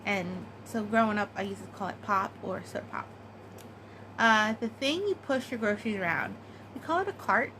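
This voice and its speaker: A woman's voice: mid-range voice, fairly bright tone, a little hiss or hum, rough recording. A woman chatting casually and giggling, with many fillers, as she answers a tag. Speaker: craft vlogger.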